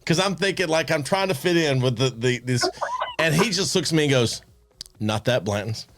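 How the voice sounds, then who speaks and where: A man hosting a podcast, telling animated anecdotes with restarts and chuckles. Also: a little high, fairly quick, noisy background. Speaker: podcast host. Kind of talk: casual storytelling chat.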